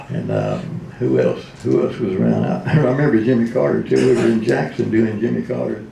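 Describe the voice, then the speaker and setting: A man's voice: medium pitch, big pitch swings, fairly quick, creaky, hardly any pauses, crowd noise. A man in his seventies, a retired radio DJ, telling comic stories in a speech, laughing often and slipping into voices. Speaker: retired radio DJ, convention speaker. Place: convention hall. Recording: roomy hall.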